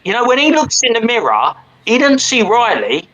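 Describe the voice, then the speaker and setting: High, bright London man; sweary, rambling co-host banter. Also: huge pitch swings, normal speed, poor audio. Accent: London English. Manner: swearing, rambling, cockney slang. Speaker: stream co-host. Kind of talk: casual stream chat.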